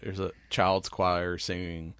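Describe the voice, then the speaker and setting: A man's voice: sits low, flat delivery, takes it slowly, a bit bright, clear, resonant tone, dry recording, clean studio sound. A man casually recapping a film plot in a rambling way, laughing often and swearing freely. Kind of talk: casual movie recap chat.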